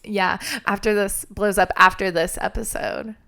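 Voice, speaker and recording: A woman's voice: medium pitch, level tone, measured pace, vocal fry, pushed and bright. A woman in her thirties from California, chatting casually as an interview guest, full of fillers and laughing through her stories. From California, USA. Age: 30s. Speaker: podcast guest.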